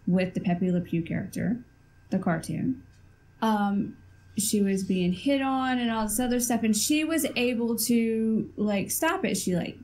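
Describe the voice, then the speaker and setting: A woman's voice: mid-range voice, darkish tone, low-quality recording. Woman, podcast co-host, casual chat, rambling, filler words. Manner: rambling storyteller, many ums.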